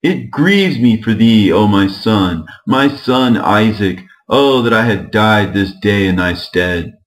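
A man voicing Sarah, an aged mother lamenting her son in slow, archaic speech. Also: low voice, rough recording. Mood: wailing. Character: grieving aged mother, Sarah, wailing woman.

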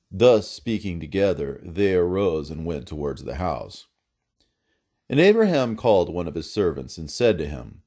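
Low-voiced man reading solemnly. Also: big pitch swings, moderate pace, mellow. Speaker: narrator. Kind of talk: scripted narration of an ancient religious text.

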